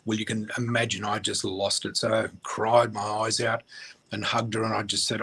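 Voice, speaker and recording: Husky, emotional man telling his story. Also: lowish voice, flat delivery, sharp tone. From Australia. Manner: emotional, halting, many fillers and restarts. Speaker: radio show guest. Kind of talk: candid personal storytelling.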